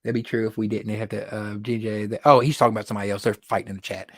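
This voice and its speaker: A man hosting a casual livestream, telling stories in an excitable way, laughing often and repeating words when worked up. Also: fairly low pitch, fast talker, hardly any pauses, no room sound, clean studio sound. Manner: animated, excitable storytelling with frequent laughs. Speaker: livestream host.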